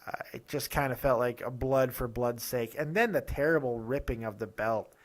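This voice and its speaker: A man hosting a casual wrestling review show, ranting with quick asides and restarts. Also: medium pitch. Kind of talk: casual opinionated review talk.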